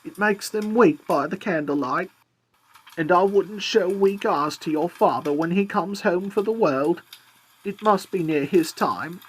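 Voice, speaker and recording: A man's voice: high-pitched, a little slow, breathy edge, pitched above the performer's own voice, low-quality recording. Man voicing a tender grieving mother. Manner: steady but tender. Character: worn, gentle grieving mother.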